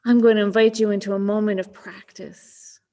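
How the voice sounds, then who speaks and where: A woman minister delivers a sermon in a gentle, unhurried storytelling manner, dropping almost to a whisper for the most tender lines. Her voice sits at an ordinary middle pitch for a woman. It rings out with a long reverb, as in a large church hall. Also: little pitch movement. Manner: gentle storytelling, slowing and softening to a near whisper in quoted moments. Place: church sanctuary.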